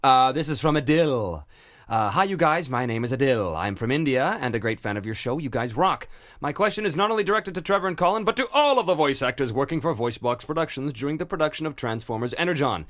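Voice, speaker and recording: A man hosting a casual podcast, reading listener emails aloud in an animated way and laughing easily. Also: mid-range voice, quick pace. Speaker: podcast host.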